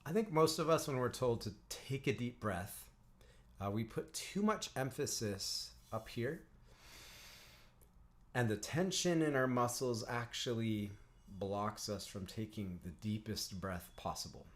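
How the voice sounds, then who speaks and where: Didgeridoo teacher and counsellor, male, mid-pitched, calm and instructive, hosting a livestream lesson and chatting with viewers. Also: a little slow. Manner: calm, instructive, often clears his throat; chats with viewers in the live chat.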